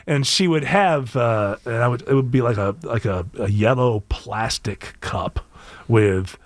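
A man's voice: mid-range voice, a little slow, no echo. A man hosting a radio show, bantering and joking casually with his co-hosts. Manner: joking, laughs often, animated.

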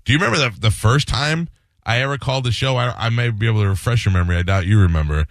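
Lowish dry-voiced radio host storytelling. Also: male voice, racing, no room sound. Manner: animated storyteller acting out quoted voices. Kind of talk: casual storytelling interview.

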